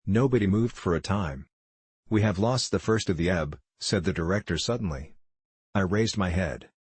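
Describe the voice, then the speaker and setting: A man reading the closing narration of a novel in a slow, grave way. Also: sits low, slightly rough, no echo. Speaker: audiobook narrator. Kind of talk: scripted narration.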